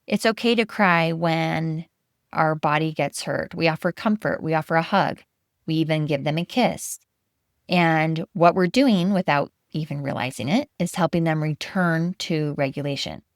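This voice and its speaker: Woman podcast host, low voice, dry close sound, gentle and soothing delivery. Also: steady tone, normal speed, dry recording. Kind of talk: calm reflective monologue.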